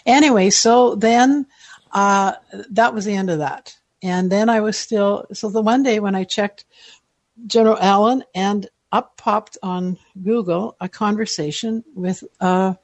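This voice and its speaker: A woman's voice: mid-range voice, dry recording. A woman in her seventies, a guest telling long rambling stories in casual interview chat, chatty and self-deprecating. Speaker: listener guest.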